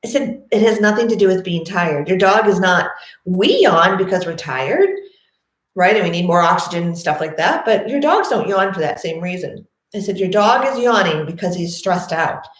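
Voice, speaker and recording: A woman who trains dogs, telling stories casually and acting out both sides of her talks with clients. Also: mid-range voice. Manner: animated, acts out both sides of conversations. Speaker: dog trainer. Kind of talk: casual storytelling to camera. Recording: echoey room.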